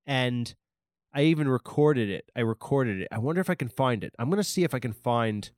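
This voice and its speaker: A man hosting a podcast in a rambling, profane comedic monologue, talking excitably into a close mic. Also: medium pitch, fairly quick, dry recording. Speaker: podcast host.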